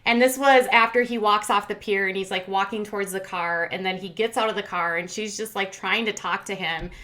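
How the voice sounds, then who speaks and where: A woman's voice: medium pitch, steady tone, brisk, bright, forceful tone. A woman hosting a casual reality TV recap, chatty and opinionated, with lots of fillers and sarcastic asides. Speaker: commentary host.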